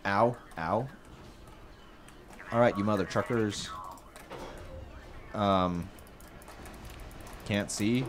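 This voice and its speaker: A man co-hosting a casual let's-play, excitable and quick to laugh and yelp at the game. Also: fairly low pitch, a little hiss or hum. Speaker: gaming co-host. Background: game music.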